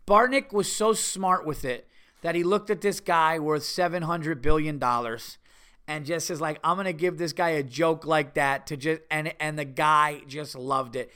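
Speaking at a normal speed in a clear, resonant voice on the high side, a podcast host from New York spins a casual story. He gets animated, performing the voices of the people in it whenever he quotes them.

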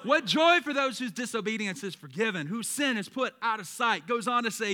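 A young male pastor preaching a sermon, swinging between loud emphatic lines and low quiet ones and calling on the congregation to respond. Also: lively intonation, a little fast, few pauses. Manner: calls out to the congregation, asks them to repeat words.

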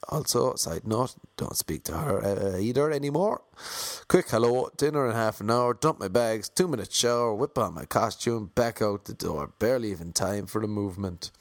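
An Irish man from Ireland narrating a comic travel story with wry, deadpan asides. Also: fairly low pitch, moderate pace, no room sound, studio quality.

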